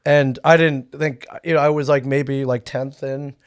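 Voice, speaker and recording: A man's voice: mid-range voice, fairly even intonation, unhurried, smooth, no echo. Hesitant male guest with dry sound. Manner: hesitant, many fillers and restarts. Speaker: podcast guest. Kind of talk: casual chat.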